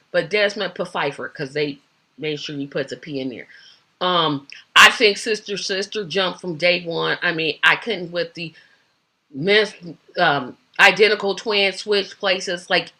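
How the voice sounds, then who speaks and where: A woman's voice: mid-range voice, sharp tone. A woman hosting a casual solo chat, rambling through her thoughts with many fillers and restarts. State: back hurting, shifting in seat. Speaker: host. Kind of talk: casual solo chat about old TV shows.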